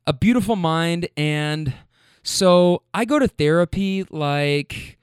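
An upset young woman in a car, halting and sniffly, who rambles and repeats herself, as a man retells her words in a story. The voice sits a little high and smooth, recorded close and dry. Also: expressive, no room sound, close to an everyday voice. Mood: upset rambling.

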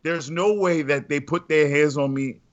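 A man's voice: fairly high pitch, fairly even intonation, normal speed, highs cut off. A man hosting a podcast, chatting casually and bantering with friends through easy laughter. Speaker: podcast host. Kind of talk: casual chat.

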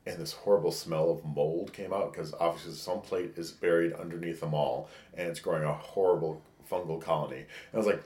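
Low-voiced man telling a rambling story. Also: fairly even intonation, a little fast, hardly any pauses, darkish tone. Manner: candid, rambling, acts out quoted texts. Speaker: podcast co-host. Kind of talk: casual storytelling. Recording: echoey room.

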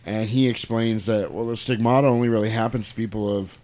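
A man's voice: on the low side, steady tone, a little fast, a little mellow. A man co-hosting a podcast, loosely retelling a film plot in casual, profane chat. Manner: loose, profane storytelling with laughs. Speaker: podcast co-host recapping a film.

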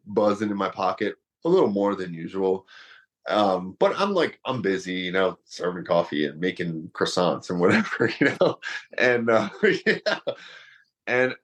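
Man, low voice, rambling, lots of "like" and "you know", casual storytelling. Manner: rambling, lots of fillers, laughs through story. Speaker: guest, former wrestler and fighter.

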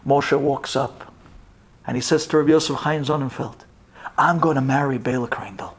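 A man, a rabbi, telling a story with dramatic delivery, acting out the characters' voices and swinging from loud, high outbursts to hushed whispers. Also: steady tone, moderate pace, slightly rough.

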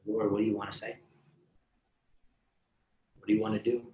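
In a roomy, echoing space, a preacher gives a conversational sermon, frequently asking the crowd "right?" and joking and laughing between points. His voice is on the low side, warm and fairly flat in pitch, at normal speed.

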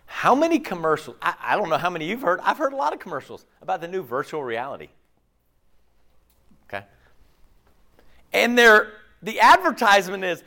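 Male pastor, sermon, high and very expressive voice, rhetorical check-ins. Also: normal speed, pauses often. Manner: animated, rhetorical, checks in with "right?".

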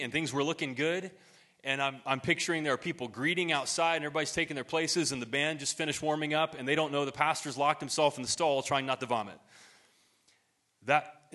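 A man's voice: medium pitch, bright, forceful tone. A middle-aged man preaching a sermon as pastor, conversational and earnest, often restarting his sentences.

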